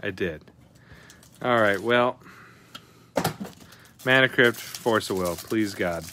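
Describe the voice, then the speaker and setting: A man hosting a live card-opening stream, chatting casually with viewers, excitable and often swearing as he reacts to each pull. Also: lowish voice, takes it slowly, background noise.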